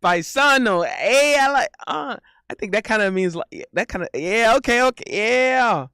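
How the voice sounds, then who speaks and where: Male streamer, loose joking chat, fairly high voice, smooth crisp tone, dry close sound. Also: sing-song, normal speed, pushed and bright, no room sound. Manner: loose and joking, laughs often, repeats himself. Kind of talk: casual live-stream chat reading messages.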